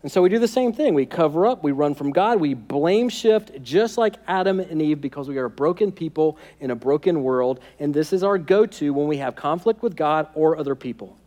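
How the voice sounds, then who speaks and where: A man's voice: a little high, animated, normal speed, hardly any pauses, warm tone. A man preaching a sermon as pastor, conversational and humorous, often checking in with "right?".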